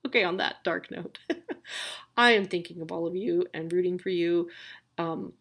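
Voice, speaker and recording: A woman's voice: on the low side, moderate pace, fairly bright tone. A woman in her thirties hosting a podcast, giving a candid, swearing, self-mocking pep talk to new mothers. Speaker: podcast host.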